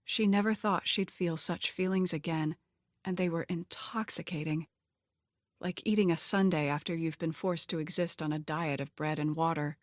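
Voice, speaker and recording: Steady female audiobook narrator, lowish voice, close dry read. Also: moderate pace, dry recording. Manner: steady, even storytelling. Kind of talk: scripted narration.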